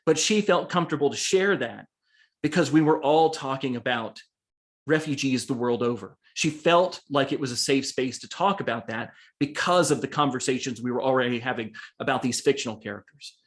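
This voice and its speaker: A man's voice: medium pitch, fairly quick. A man, an author, talking earnestly about his book in an online session, with frequent restarts. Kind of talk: online talk and Q&A. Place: home, on a video call. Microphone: video call microphone.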